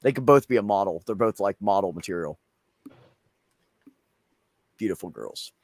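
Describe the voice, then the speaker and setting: A man's voice: fairly low pitch, expressive, normal speed, a little mellow, no room sound. Profane storytelling male host, dry mic. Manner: profane, rambling anecdotes. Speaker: show host. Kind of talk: casual storytelling chat.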